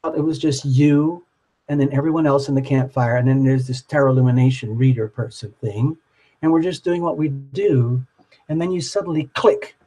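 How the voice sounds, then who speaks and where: A man's voice: medium pitch, fairly even intonation, normal speed, warm tone, rough recording. A man hosting a live tarot reading, talking in a rambling, dreamy way full of "like" and "you know".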